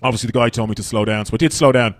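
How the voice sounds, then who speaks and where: Irish man, stand-up comic, rapid, brash, profane, dry sound. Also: mid-range voice, gravelly, dry recording. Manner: brash, profane, rambling storytelling. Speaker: stand-up comedian. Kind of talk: stand-up comedy. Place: comedy stage at a festival.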